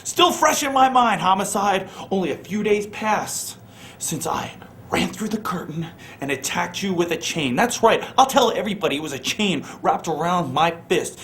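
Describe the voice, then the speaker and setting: A man delivering a wrestling promo, his voice sitting fairly high for a man. He swings between cocky bragging and hushed, threatening whispers. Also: expressive, normal speed, slight background noise. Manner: boastful, drops into low menacing whispers. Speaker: pro wrestler cutting a promo.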